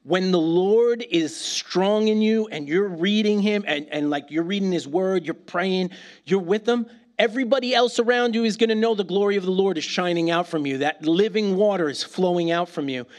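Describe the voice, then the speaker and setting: A man preaching a casual, animated sermon, laughing often and acting out little dialogues. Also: sits high, moderate pace. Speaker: pastor.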